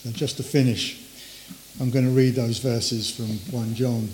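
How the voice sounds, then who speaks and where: Older preacher, mellow voice. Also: male voice, medium pitch, level tone, unhurried. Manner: conversational preaching, acts out inner voices, trails off softly at ends. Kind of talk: sermon.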